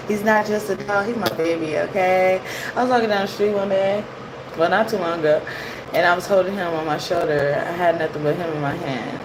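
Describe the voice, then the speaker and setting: A woman's voice: lowish voice, steady tone, brisk, background noise. A woman hosting a tarot reading show, talking in a chatty, casual way and laughing often as she tells stories. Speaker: tarot reader and show host. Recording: roomy echo.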